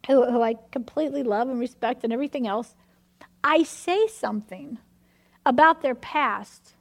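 Woman preaching a sermon, high voice, animated and emphatic, storytelling.

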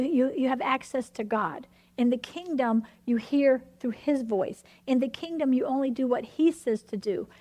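A woman with a high, bright-toned voice preaches a sermon. She tells a personal story with lively, emphatic energy and leans hard into her points.

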